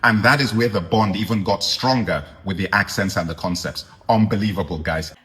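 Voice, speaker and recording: A man hosting a reaction video, talking to viewers in an animated, emphatic way and repeating points for effect. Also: fairly low pitch, a little fast. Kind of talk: casual reaction commentary.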